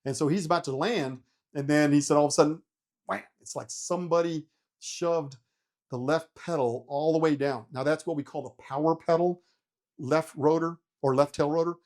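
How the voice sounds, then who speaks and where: A man's voice: on the high side, moderate pace, darkish tone. A middle-aged man, a retired helicopter pilot, telling a story in a casual interview and acting out his own panicked reactions, swearing freely.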